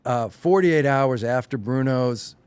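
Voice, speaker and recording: Animated middle-aged man with a faint Long Island accent. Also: mid-range voice, slow, smooth, dry recording. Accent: slight Long Island. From Long Island, New York. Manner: animated storyteller, acts out quotes with rising excitement. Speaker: podcast guest, showrunner. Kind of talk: casual chat.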